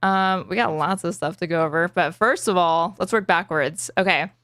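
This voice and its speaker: A woman's voice: on the low side, moderate pace, a bit bright, dry recording. A woman hosting a casual chat, blunt, teasing and profane. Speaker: host.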